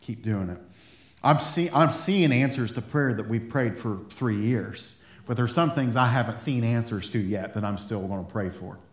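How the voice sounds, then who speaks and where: Animated man preaching in echoey church. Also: fairly low pitch, normal speed. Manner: animated, laughs often, repeats words. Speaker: pastor. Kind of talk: sermon. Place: church hall.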